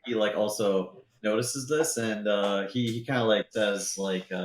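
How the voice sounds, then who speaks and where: A man's voice: on the low side, unhurried, a little hiss or hum. A man narrating as game master in a tabletop game, rambling with lots of fillers. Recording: roomy echo.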